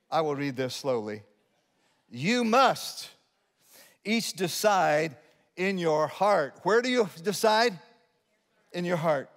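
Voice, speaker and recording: A male pastor preaching a sermon in an animated way, jumping between loud emphatic lines and quiet asides, with humorous remarks to his congregation. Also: a little high. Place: church sanctuary. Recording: long hall reverb of a church sanctuary.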